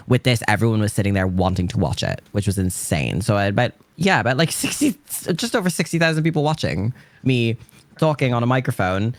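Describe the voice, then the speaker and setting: A man's voice: fairly low pitch, dry recording. An Irish man, a drag performer, chatting casually and rambling with self-mocking humour. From Ireland. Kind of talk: casual chat.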